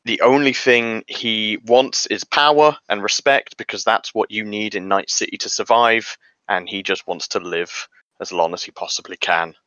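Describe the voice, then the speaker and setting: Bright-voiced young man, dry sound. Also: lowish voice, moderate pace, dry recording. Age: young adult. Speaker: player. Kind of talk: casual chat.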